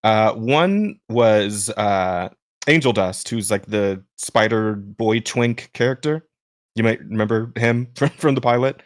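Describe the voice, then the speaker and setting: A man hosting a podcast in casual chat with a smooth voice. He rambles with many restarts. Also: fairly low pitch, slow pace, no room sound, studio quality. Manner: rambling, many restarts and fillers, laughs while talking. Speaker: podcast host.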